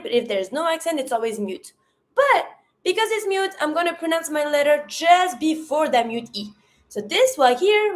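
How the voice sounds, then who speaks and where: A woman with French as her first language teaches an online lesson in English, saying each French word slowly and clearly. Her voice sits a little high and swings widely in pitch. She repeats vocabulary in pairs, masculine then feminine. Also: darkish tone. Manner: clear drilled pronunciation, repeats words in pairs.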